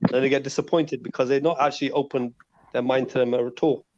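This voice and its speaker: A man's voice: mid-range voice, flat delivery, fast, a little mellow. A man on a podcast panel, arguing his point insistently and pushing to be heard. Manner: argumentative, insistent on being heard. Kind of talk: heated podcast debate. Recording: dull lo-fi online call audio.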